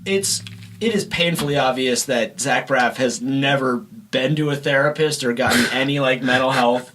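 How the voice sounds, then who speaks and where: A man's voice: medium pitch, moderate pace, fairly bright tone, a little hiss or hum. A man hosting a casual podcast chat, ranting with exasperation and plenty of swearing. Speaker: podcast host.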